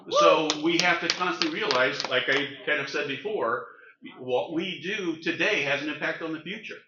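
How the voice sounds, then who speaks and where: A man's voice: a little high, moderate pace, background noise. An older man speaking earnestly as a panelist at a community event, rallying the room. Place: meeting room. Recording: roomy, dull event recording.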